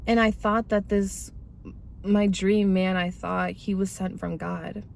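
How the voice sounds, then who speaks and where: A woman's voice: medium pitch, slow, creaky, a little hiss or hum. A woman in her twenties telling her personal testimony in a casual, slangy way, talking straight to her viewers. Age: 20s. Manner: casual, animated, slangy, addresses viewers directly. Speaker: vlogger sharing her testimony.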